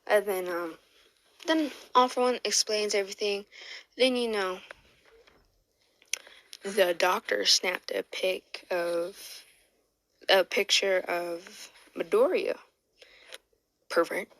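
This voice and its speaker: A woman's voice: medium pitch, steady tone, slow pace, long pauses, fairly bright tone, poor audio. A woman telling a fan story in a casual, rambling way, restarting often and saying "like" a lot.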